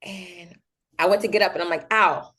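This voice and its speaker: A woman's voice: fairly low pitch, a little fast. A young adult woman, a guest in a casual interview, telling her story with many fillers and acting out the voices of others. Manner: animated, acts out quoted voices, many fillers.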